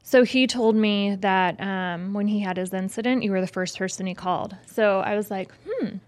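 A woman's voice: mid-range voice, moderate pace, a little mellow. A woman co-hosting a podcast, asking questions in a playful, teasing way. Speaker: podcast co-host. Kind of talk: casual chat.

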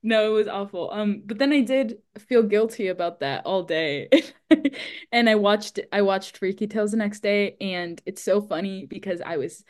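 A young woman telling a story in a casual remote chat, animated and laughing, acting out the people in her story. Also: mid-range voice, moderate pace. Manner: animated, laughing, quoting others in put-on voices. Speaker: guest, festival volunteer.

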